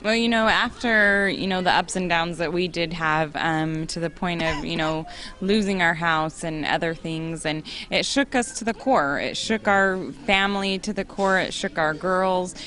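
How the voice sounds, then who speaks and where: A woman in her forties, speaking unhurriedly in a fairly low voice, appears as an interview guest. She shares an emotional personal testimony with earnest warmth and occasional laughter.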